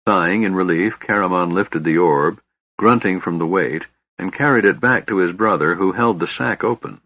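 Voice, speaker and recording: Man, steady audiobook narration, low husky voice, dry dull lo-fi sound. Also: normal speed, no echo. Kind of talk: scripted fantasy narration.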